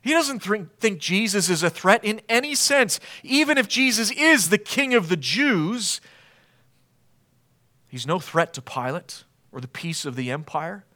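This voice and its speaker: Bright, high-voiced earnest male preacher. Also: lively intonation, unhurried. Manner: earnest, emphatic, asks rhetorical questions. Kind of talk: expository sermon.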